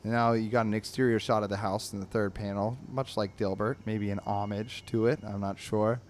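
A man hosting a comedy podcast, reading comic strips aloud in an animated way, laughing often and slipping into squeaky character voices. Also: a little fast.

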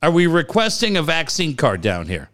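A man's voice: a little high, normal speed. A man co-hosting a casual sports talk show, joking and swearing freely. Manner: animated, profane, joking. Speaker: co-host. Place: garage studio.

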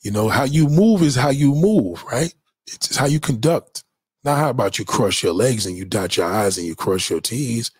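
Man, livestream host, husky, dry close sound, emphatic, profane, preachy. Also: mid-range voice, animated, moderate pace, dry recording. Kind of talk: casual livestream monologue.

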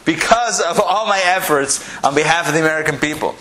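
A man's voice: fairly high pitch, fairly quick, bright, forceful tone, slight background noise, rough recording. Man voicing a boastful retired spy dog. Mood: proud. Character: retired male spy dog, proud storyteller.

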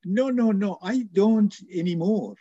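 An older psychiatrist, not a native English speaker, speaks slowly and haltingly over a video call, restarting his sentences often. His voice is husky and the sound is close and dry. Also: high-pitched, warm tone, no room sound, dull audio. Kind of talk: casual group video chat.

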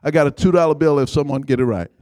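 A man preaching a sermon in call-and-response style, prompting the congregation to finish his lines and rising to shouts. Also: on the high side, fast talker, no echo.

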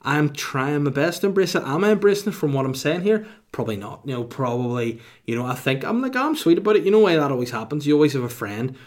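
A man's voice: medium pitch, expressive, fast, hardly any pauses. A man, rambling through a casual solo podcast monologue with crude, self-mocking humor. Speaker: podcast host.

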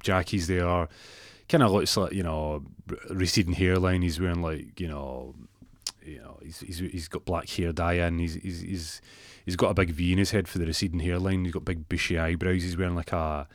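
A man's voice: deep voice, no room sound. A man with a Scottish accent telling a comic story in a rambling, profane, self-interrupting way.

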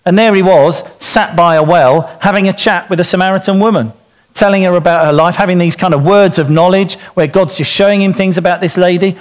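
Animated man giving a sermon. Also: sits high. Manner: animated storytelling, acts out quotes. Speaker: speaker at a church talk for dads. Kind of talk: informal sermon.

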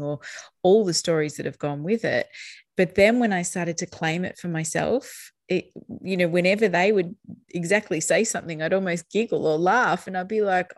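A woman's voice: lowish voice, normal speed, no room sound, studio quality. A middle-aged woman co-hosting a conversational podcast, speaking in a reflective, earnest way. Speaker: podcast co-host.

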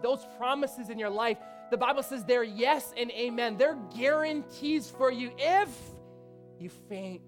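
A man preaching a sermon in a church, lively, rising toward a shout, peppered with rhetorical questions. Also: extremely high pitch. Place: church sanctuary. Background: faint instrument music.

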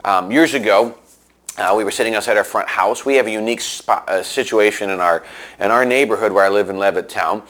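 A man giving a sermon in a conversational way, telling a story with many restarts and lively asides. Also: lowish voice, brisk. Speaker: preacher.

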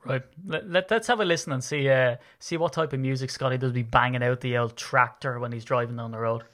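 A man, hosting a casual sports podcast, chatty and quick to laugh. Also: mid-range voice. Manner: chatty, laughing, animated banter. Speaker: podcast host.

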